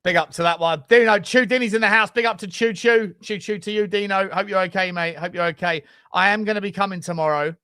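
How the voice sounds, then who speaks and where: A man co-hosts a relaxed football chat show. He sounds high and bright, laughs often and keeps up a friendly patter of viewer shout-outs, recorded close and dry. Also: quick pace, smooth, dry recording. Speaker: co-host. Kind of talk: casual football podcast chat.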